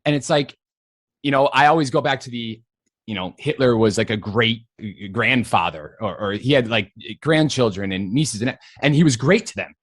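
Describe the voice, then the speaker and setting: A man's voice: medium pitch, lively intonation, moderate pace, a bit bright, no room sound. A man in his thirties from Western Massachusetts, chatting animatedly as an interview guest, with lots of fillers and easy laughter. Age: 30s. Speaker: guest actor. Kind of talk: casual interview chat.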